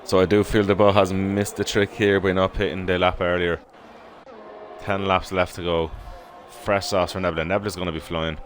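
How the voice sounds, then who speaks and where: An Irish man giving live sim racing commentary in steady, informal play-by-play. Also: low voice, normal speed, slight background noise. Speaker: race commentator. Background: background music.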